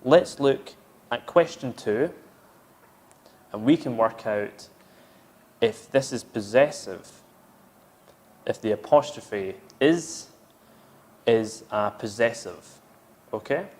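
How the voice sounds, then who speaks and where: Male English teacher, unhurried, patiently repeats examples for learners. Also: mid-range voice, animated, darkish tone. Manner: explains step by step, repeats each example sentence. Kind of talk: slow, patient grammar lesson.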